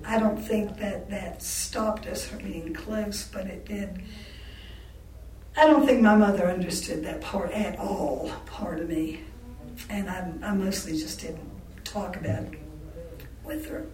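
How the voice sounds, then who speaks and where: A woman's voice: medium pitch, a little slow, darkish tone. A blunt, outspoken woman recounting her family life as an interviewee in an oral history. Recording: roomy echo, distant mic, faint background noise.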